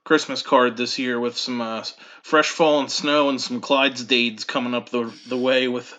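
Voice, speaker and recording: An easygoing man co-hosting a podcast, rambling with self-deprecating humor. His voice is bright and tense, and the recording sounds a little dull and lo-fi. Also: medium pitch, fairly even intonation, normal speed. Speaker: podcast co-host. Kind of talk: casual chat.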